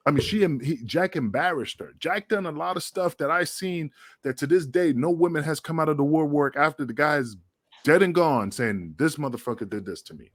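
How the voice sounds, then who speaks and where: A man's voice: a little high, lively intonation, normal speed, no echo, studio quality. A middle-aged man, a former pro wrestler, telling rambling, profane backstage stories in a casual podcast chat. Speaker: retired pro wrestler guest.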